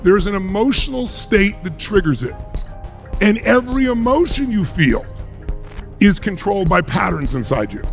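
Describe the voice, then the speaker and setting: A man's voice: high voice, sing-song, normal speed, vocal fry, faint music behind. A middle-aged man giving a motivational speech to a live audience, emphatic and full of rhetorical questions. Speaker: motivational speaker.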